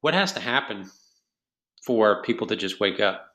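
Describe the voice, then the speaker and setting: A man's voice: lowish voice, animated, normal speed, sharp tone. A man hosting a podcast, talking in a thoughtful, questioning way in a casual chat. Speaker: podcast host.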